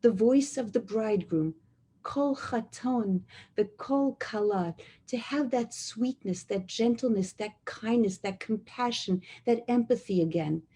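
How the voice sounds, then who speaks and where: A middle-aged woman giving an inspirational talk on relationships, earnest and emphatic, slowing down to repeat key phrases. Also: a little high, warm tone, husky. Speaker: speaker on relationships.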